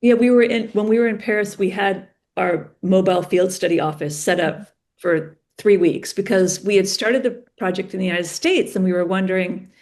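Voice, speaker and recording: A woman's voice: mid-range voice, moderate pace. A woman, a podcast guest, telling stories in casual conversation and acting out the dialogue. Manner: animated, acts out dialogue in stories. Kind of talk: conversational storytelling.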